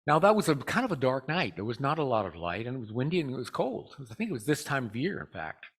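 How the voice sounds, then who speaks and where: A man giving a Sunday talk to a spiritual community. He tells a personal story in a relaxed, rambling way, stops often on "uh", and speaks directly to the congregation. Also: medium pitch, slightly rough. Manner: relaxed, rambling, with frequent "uh" pauses.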